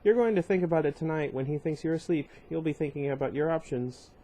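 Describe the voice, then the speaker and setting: A man's voice: fairly high pitch, fast talker, mellow, natural voice, rough recording. A man reading aloud and voicing a pushy, cheerful teenage boy who talks in an insistent, cocky way. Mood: earnest.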